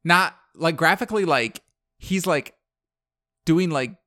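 A man's voice: a little high, slow pace, pushed and bright. A man hosting a podcast who casually recaps a movie in a rambling way, leaning on the word "like" and laughing at his own retelling.

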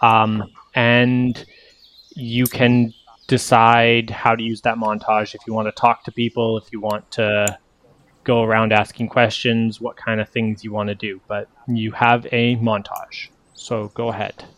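A man running a tabletop game as game master, explaining rules in a relaxed, rambling way with many fillers. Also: fairly low pitch, measured pace, a little hiss or hum.

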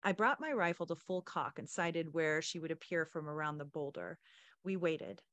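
A woman podcast host reading a story aloud in a steady, engaged way. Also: low-pitched, moderate pace, muffled recording.

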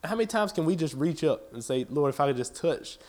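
Impassioned male preacher, higher voice. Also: expressive, fast, darkish tone. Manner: impassioned, repetitive preaching cadence; folksy, with y'all. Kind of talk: sermon.

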